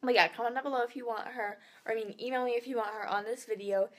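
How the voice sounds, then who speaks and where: A woman's voice: a little high, steady tone, fast talker. A teenage girl vlogging at home at night. She rambles loosely, piles up fillers and drifts into half-whispers. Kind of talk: casual nighttime vlog.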